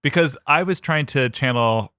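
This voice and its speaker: A man's voice: mid-range voice, moderate pace, pushed and bright, clear, resonant tone, no room sound, clean studio sound. A man from the United States co-hosting a podcast in casual chat, rambling with many fillers and laughing often. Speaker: podcast co-host.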